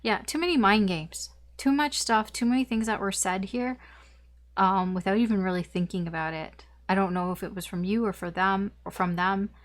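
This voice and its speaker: A woman's voice: medium pitch, normal speed. A woman giving a casual tarot reading, talking in a rambling, chatty way full of fillers and the odd swear word. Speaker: tarot reader.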